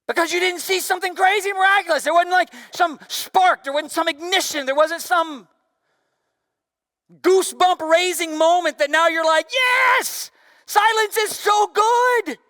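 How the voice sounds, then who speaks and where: A young adult man, a pastor, preaching a sermon in an animated way, swinging from loud bursts down to hushed, quiet lines. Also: very high-pitched, moderate pace, no room sound, studio quality.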